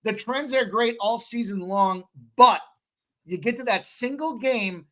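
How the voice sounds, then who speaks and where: A man co-hosting a live sports betting show, arguing his picks in an animated, profane way. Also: very high-pitched, unhurried. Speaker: sports talk show co-host. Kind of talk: casual sports betting chat.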